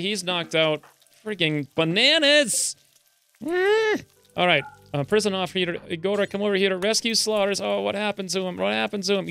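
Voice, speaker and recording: A man with the hiccups giving casual commentary over his own gameplay, muttering his moves and then yelping when things go wrong. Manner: excitable, jumps between calm muttering and high yelps. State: has the hiccups. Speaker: let's play gamer.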